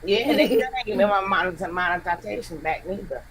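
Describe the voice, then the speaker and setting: A guest content creator in a casual livestream chat, talking emphatically and complaining in quick bursts. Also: mid-range voice, lively intonation, a bit bright, a little hiss or hum, low-quality recording.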